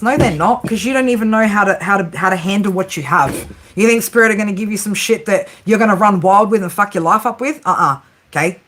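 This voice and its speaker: A woman in her thirties talks straight to camera through a tarot reading, loose and conversational. She swears without a second thought and laughs easily, and she keeps checking in with a quick "right?" after her points. Her voice sits in a middling register. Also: medium pitch, fairly bright tone. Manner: chatty and blunt, swears freely, laughs often, tags lines with "right?". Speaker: tarot reader and psychic.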